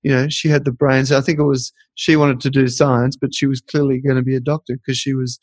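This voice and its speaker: A man's voice: medium pitch, little pitch movement, brisk, a little mellow, no room sound. A man hosting a podcast, chatting casually and telling stories in a reflective way. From Australia. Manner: reflective, storytelling. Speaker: podcast host.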